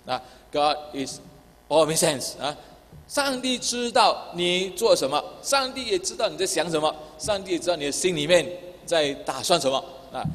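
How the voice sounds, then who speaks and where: Man, Chinese accent, high voice, bilingual sermon, long hall echo. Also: expressive, normal speed, fairly bright tone. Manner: repeats each point in English after Chinese, many filler "ah" sounds. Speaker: pastor. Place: church hall.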